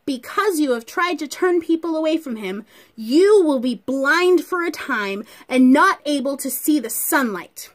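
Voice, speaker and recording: A woman's voice: sits high, expressive, a little slow. A woman doing a thundering apostle's rebuke. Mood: stern rebuke. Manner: loud commanding rebuke. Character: stern male apostle rebuking a sorcerer.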